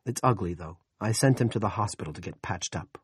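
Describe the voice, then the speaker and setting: A man's voice: lowish voice, lively intonation, breathy edge, dry recording, studio quality. A man doing a frazzled, breathless police chief. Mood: harried. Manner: rapid, worried and harried.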